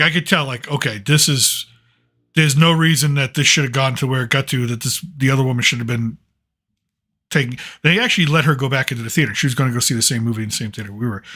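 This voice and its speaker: A middle-aged man telling a story in a casual monologue, animated and agitated, with frequent restarts. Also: medium pitch, fast talker. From United States. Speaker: channel host.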